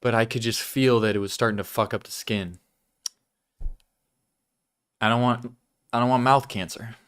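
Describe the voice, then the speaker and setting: Young adult man, smooth resonant voice, laid-back chatty vlog talk, mid pitch. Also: steady tone, moderate pace, a bit bright. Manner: loose, chatty, swears casually, chews gum while talking. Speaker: vlog host. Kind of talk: casual weekly life update.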